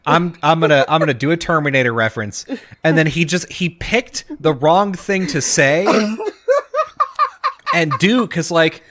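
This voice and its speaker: A man's voice: a little high, moderate pace, fairly bright tone, slight background noise. A man co-hosting a podcast in casual chat, acting out voices in his jokes. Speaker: podcast co-host.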